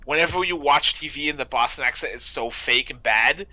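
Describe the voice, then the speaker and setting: A man's voice: mid-range voice, a little fast, bright, forceful tone, no room sound, poor audio. A young man co-hosting a casual gaming podcast, rambling and stacking filler "like"s. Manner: rambling, fills talk with "like". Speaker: podcast co-host. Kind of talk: casual chat.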